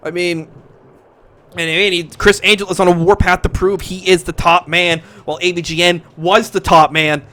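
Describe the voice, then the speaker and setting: A young man doing profane, excitable play-by-play for a hobby wrestling show, swearing constantly and breaking into shouted hype. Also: high voice, normal speed. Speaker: fake wrestling commentator.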